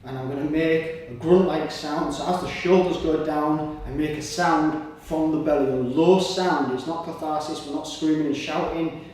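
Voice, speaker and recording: A man's voice: fairly high pitch, steady tone, normal speed, a little mellow. A man leading a guided somatic exercise, giving encouraging cues and breathing audibly between them. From Britain. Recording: echoey room, voice from far off.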